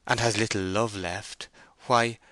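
A man's voice: fairly low pitch, fairly even intonation, unhurried, pushed and bright, no echo. Bathsheba, a troubled young woman read by a man. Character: young woman farm owner, proud and troubled. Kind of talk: audiobook character voice.

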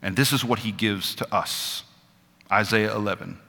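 Bright-voiced male pastor preaching in a reverberant hall. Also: fairly low pitch, gravelly. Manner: conversational and joking, slowing down for emphatic scripture reading. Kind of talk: sermon. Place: church sanctuary.

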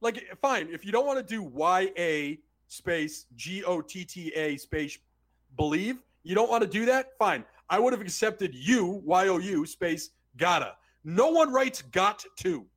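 A man co-hosting a casual sports podcast and ranting in an animated, profane way. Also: sits high, a little slow. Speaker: podcast co-host.

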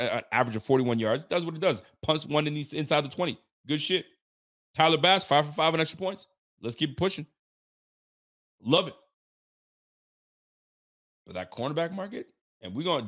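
A young man hosting a sports fan livestream, ranting with animated energy, swearing freely and repeating catchphrases. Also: fairly high pitch. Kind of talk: casual fired-up sports commentary.

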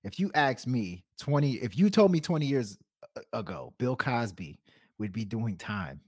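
A man's voice: medium pitch, big pitch swings, moderate pace, darkish tone, breathy edge, no echo, clean studio sound. A man co-hosting a podcast, joking and laughing often in casual banter. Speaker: podcast co-host.

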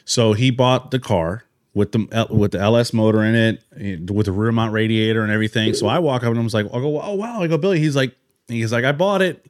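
A man at mid pitch hosting a casual podcast, talking in loose, rambling stories that often restart. The room sound is dry and close, with no echo. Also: steady tone, fairly quick. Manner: rambling storyteller, many restarts and impressions. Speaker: podcast host. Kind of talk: casual chat.

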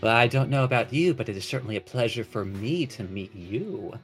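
Man doing a flamboyant flirty guild head, theatrical, raised pitch. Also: animated, brisk, soft background music, natural voice.

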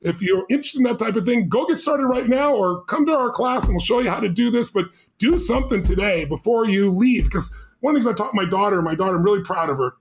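A middle-aged man telling a motivational story as a podcast guest, energetic, emphatic and urgent. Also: high voice, quick pace, hardly any pauses, a little hiss or hum.

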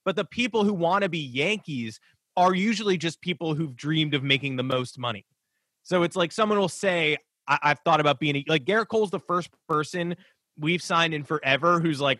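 A male sports podcast host with a bright, forceful tone, chatting casually. He rambles and restarts himself, opinionated and fast-moving. The sound is dry and close. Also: on the high side, dry recording. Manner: rambling, self-interrupting, opinionated.

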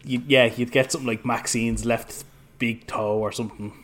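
A man's voice: mid-range voice, fairly even intonation, normal speed. A man co-hosting a casual podcast recap, laid-back, laughing often and restarting his sentences. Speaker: podcast co-host.

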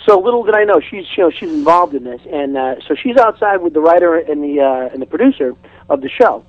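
A comedian guest on a radio talk show, a man telling an animated, chatty story and restarting his sentences often. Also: fairly high pitch, fast, lo-fi sound. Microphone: studio microphone.

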